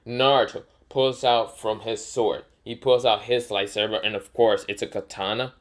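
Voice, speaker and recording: A man's voice: fairly low pitch, fairly even intonation, moderate pace, hardly any pauses. A man casually narrating an improvised fan story, rambling with many fillers and self-corrections.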